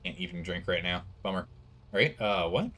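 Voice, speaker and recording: A man's voice: low-pitched, lively intonation, normal speed, a bit bright, a little hiss or hum. A man streaming a video game, giving rambling commentary with laughing asides. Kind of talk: let's play commentary.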